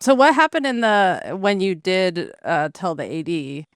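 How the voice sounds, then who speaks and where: Woman podcast host, smooth lowish voice, asks questions and gives short affirmations. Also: sing-song, unhurried, no echo, studio quality. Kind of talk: conversational interview.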